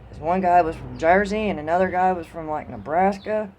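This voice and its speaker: A woman's voice: lowish voice, fairly quick, few pauses, darkish tone. A woman with a Southern US accent rambling through a casual, profanity-laced monologue outdoors in the wind. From Southern United States. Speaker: vlogger.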